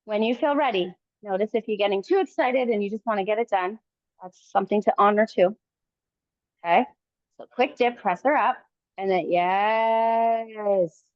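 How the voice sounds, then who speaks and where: A woman coaching a kettlebell workout live, giving calm encouraging cues in short phrases. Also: medium pitch, a little fast, no echo, highs cut off. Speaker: fitness coach.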